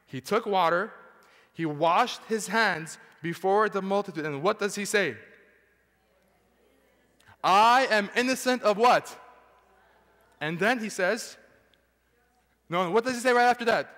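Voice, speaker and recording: A man's voice: sits high, fairly bright tone. A man preaching a sermon to his congregation, emphatic, often putting questions to the listeners. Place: church sanctuary. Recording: church hall with long reverb.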